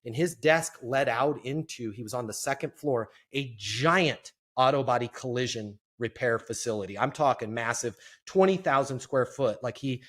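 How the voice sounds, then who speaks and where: Energetic middle-aged man telling a story. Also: mid-range voice, moderate pace, hardly any pauses. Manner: energetic, self-deprecating storyteller. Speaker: sales trainer, guest. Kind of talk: storytelling interview answer.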